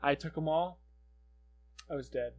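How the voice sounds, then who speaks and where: A young man on a casual podcast, winding through a long story and swearing freely as he goes. His voice sits a little higher than most men's. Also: a little slow, darkish tone. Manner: rambling storyteller, swears a lot. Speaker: podcast co-host. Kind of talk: casual chat.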